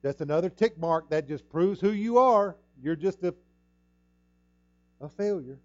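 A man's voice: a little high, animated, a little slow, darkish tone, muffled recording. A man putting on the voice of a mocking male accuser who speaks for shame in a sermon.

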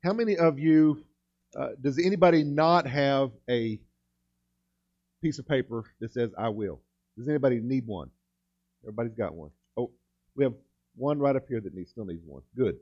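A man preaching a sermon as pastor, slowing and lifting his voice on key words, with frequent restarts. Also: mid-range voice, darkish tone, highs cut off. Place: church sanctuary.

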